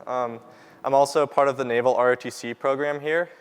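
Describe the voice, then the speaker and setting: A man's voice: mid-range voice, steady tone, a little fast, smooth, long reverb tail. A college student in his twenties answering panel questions politely, with many ums. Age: 20s. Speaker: civil engineering student.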